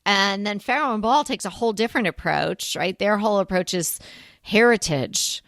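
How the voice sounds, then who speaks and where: A woman's voice: mid-range voice, normal speed, fairly bright tone, no room sound, clean studio sound. A woman co-hosting a home decorating show, talking in a casual, musing way with fillers. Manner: chatty, musing, with fillers and laughs. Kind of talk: casual conversational chat.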